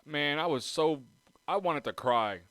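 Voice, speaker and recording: A man's voice: on the high side, lively intonation, unhurried, fairly bright tone, smooth, no room sound. Rambling, profane man hosting at home. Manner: rambling, profane, jumps between topics. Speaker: podcast host. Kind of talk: casual chat. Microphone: moves around the mic.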